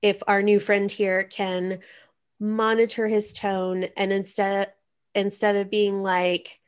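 Woman, podcast co-host, slow unhurried talk, casual, chatty, swears offhand. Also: medium pitch, flat delivery, clean tone. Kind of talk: casual comedic advice chat.

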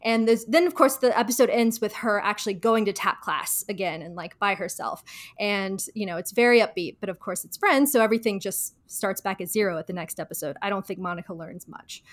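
A woman's voice: lively intonation, brisk, a bit bright. A woman in casual podcast chat, retelling a TV episode with lots of fillers and acting out the quoted lines. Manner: chatty, lots of "like", acts out quoted lines in higher voices. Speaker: podcast co-host giving advice.

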